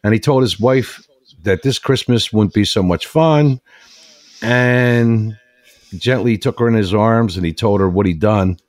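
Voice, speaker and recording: A man's voice: fairly low pitch, moderate pace, darkish tone, no echo, studio quality. A man hosting a talk show, telling a long sentimental story in an earnest, rambling way. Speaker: radio show host.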